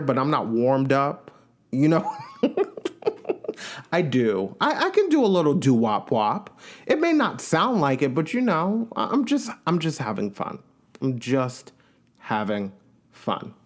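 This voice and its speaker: Male podcast host, chatty and opinionated, acts out quotes, voice on the higher side. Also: a little slow. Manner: animated and sassy, acting out quotes in changing voices. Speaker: podcast host recapping a reality show. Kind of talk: casual opinionated recap monologue.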